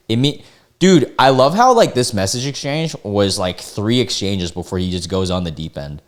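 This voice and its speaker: Low-voiced young man, incredulous reactions. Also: brisk. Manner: incredulous, sarcastic asides with frequent laughs; reads quoted messages in a flat deadpan. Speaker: YouTuber reading Reddit posts. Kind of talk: comedic reading and reaction commentary.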